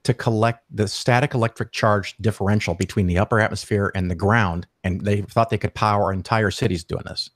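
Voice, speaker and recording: Brief: man, podcast guest, lively profane storyteller, dry close sound. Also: on the low side, fairly quick, few pauses, no room sound. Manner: animated, profane, acts out quoted voices. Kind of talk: casual storytelling interview.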